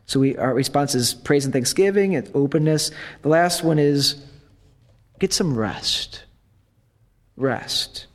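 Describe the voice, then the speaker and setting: A priest giving a retreat talk in a relaxed, conversational way, with playful asides to his listeners. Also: on the high side, moderate pace. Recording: long hall reverb.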